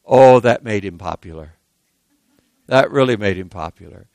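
A man's voice: fairly low pitch, animated, normal speed, pauses often, darkish tone, no room sound. A man preaching a sermon, retelling a story in a folksy way with asides to his congregation.

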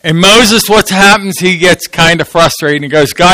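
Bright, lively-voiced man preaching. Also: high voice, moderate pace, no echo, poor audio. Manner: storytelling, asks the audience questions. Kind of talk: sermon.

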